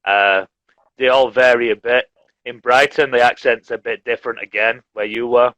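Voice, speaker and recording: Man, teacher, relaxed and chatty. Bright tone, dry close sound. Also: medium pitch, normal speed, no room sound, low-quality recording. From Leeds, England. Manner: relaxed, chatty, laughs often. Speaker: English teacher, host. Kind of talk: casual live-stream chat. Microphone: video call.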